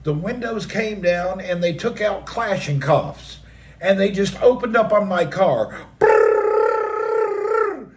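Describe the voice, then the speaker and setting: This middle-aged man's high-pitched voice moves at a measured pace as he animatedly recounts a personal story on his live stream, acting it out with vocal sound effects. The recording is very noisy.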